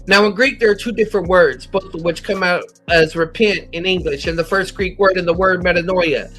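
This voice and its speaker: Bright, high-voiced American man teaching scripture. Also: fairly even intonation, a little fast, faint music behind. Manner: methodical, cites chapter and verse, occasional slips. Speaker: Bible teacher. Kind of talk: scripture lesson.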